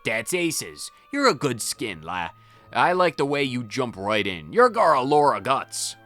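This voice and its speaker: A man's voice: mid-range voice, sing-song, a little slow, pushed and bright, faint music behind. A man voicing a blunt lone male warrior in a video game, speaking in a thick put-on accent. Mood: gruff. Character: lone male warrior who challenges heroes.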